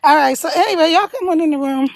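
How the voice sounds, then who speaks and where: A woman's voice: high voice, quick pace, no echo. A middle-aged woman chatting casually to livestream viewers while walking uphill outdoors, a little out of breath and laughing often. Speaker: live streamer and online business coach. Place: outdoors on a hill.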